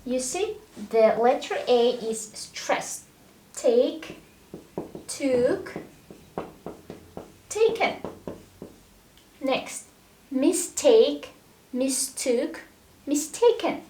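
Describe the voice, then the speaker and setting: A woman teaching English verbs, saying each form slowly and clearly and often checking in with the learner. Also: high-pitched, lively intonation, warm tone, roomy sound, a little hiss or hum. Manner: drills verb forms one word at a time, checks in with "all right?". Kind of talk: slow, deliberate language lesson.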